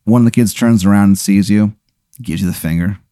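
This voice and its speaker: A man hosting a comedy podcast, spinning an improvised story in a rambling, deadpan way full of fillers. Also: fairly low pitch, brisk, no echo, studio quality. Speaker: podcast host.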